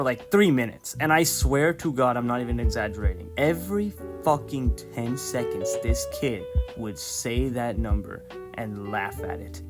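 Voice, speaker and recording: Profane young man ranting through a story. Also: medium pitch. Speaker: vlogger. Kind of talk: storytime vlog rant.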